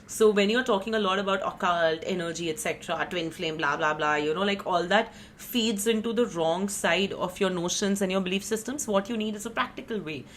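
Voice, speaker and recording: A woman's voice: mid-range voice, brisk, hardly any pauses, a little hiss or hum. A woman giving a casual tarot reading, chatty and rambling, teasing herself as she goes. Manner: chatty, rambling, self-teasing, frequent "you know" and "like". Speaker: tarot reader.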